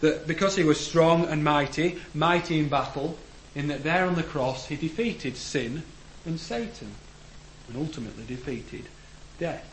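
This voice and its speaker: A man preaching a sermon in a church, earnest, rising to emphatic declarations and letting phrase ends fall low. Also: normal speed. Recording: echoey room with faint background noise.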